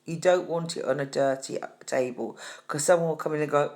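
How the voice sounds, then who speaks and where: A middle-aged woman hosting a deadpan comic tutorial, chatty and fussy, calling viewers darling. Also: low voice, fairly quick. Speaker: host.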